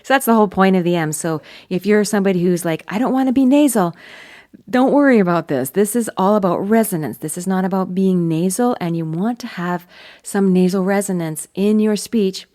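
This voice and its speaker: A woman's voice: mid-range voice, brisk, dark tone. A woman teaching as a voice coach, explaining patiently and encouragingly. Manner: demonstrates hums between explanations. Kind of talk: vocal coaching lesson.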